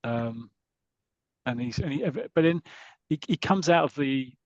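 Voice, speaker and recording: A man hosting a podcast chats through a comic story, stopping and restarting as he goes. He reads short passages aloud at a middle pitch. The sound is dry and close. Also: measured pace, a little mellow, no echo, lo-fi sound. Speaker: podcast host. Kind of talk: casual podcast chat, retelling a comic story.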